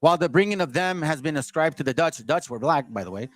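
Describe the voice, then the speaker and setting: A man with a slightly higher-than-average voice reads from an old history book and keeps breaking off to lecture his listeners. His delivery is combative, and he stumbles and restarts over the printed lines. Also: lively intonation, quick pace, fairly bright tone, dry recording. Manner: combative, lecturing straight at the audience; stumbles and restarts while reading aloud. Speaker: channel host. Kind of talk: reading aloud from a history book with running commentary.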